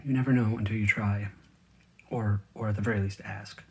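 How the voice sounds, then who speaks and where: A man's voice: on the low side, fairly even intonation, a little fast, dark tone, husky. A man vlogging casually while he eats, rambling with lots of fillers and talking with food in his mouth. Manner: rambling, with many fillers and restarts. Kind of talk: casual chat while eating.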